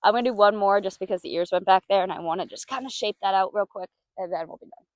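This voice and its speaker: A woman horse trainer talking casually as she works outdoors with a horse, praising it softly. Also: medium pitch, fast talker, dry recording. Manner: soft, coaxing praise to the horse.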